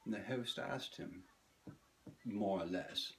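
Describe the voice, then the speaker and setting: A man narrating a scripted comedic video essay with dry, sardonic, self-mocking timing and theatrical pauses. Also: deep voice, creaky, slight background noise.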